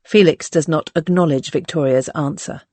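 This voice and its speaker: Audiobook reader, mid pitch, steady delivery, dry close mic. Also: moderate pace, no echo. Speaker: audiobook narrator. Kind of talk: audiobook narration.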